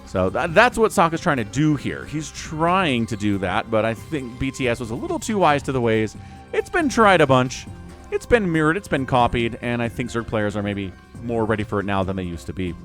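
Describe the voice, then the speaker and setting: A man's voice: mid-range voice, sing-song, moderate pace, a bit bright, soft background music. A man casting a strategy game match on his own, chatty and rambling, often correcting himself mid-sentence. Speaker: game caster. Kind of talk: solo esports commentary.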